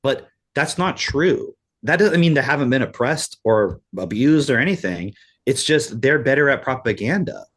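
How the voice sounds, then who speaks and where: A man's voice: mid-range voice, expressive, normal speed, a bit bright. A man co-hosting a podcast in casual chat, talking in an emphatic, profane rant. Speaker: podcast co-host.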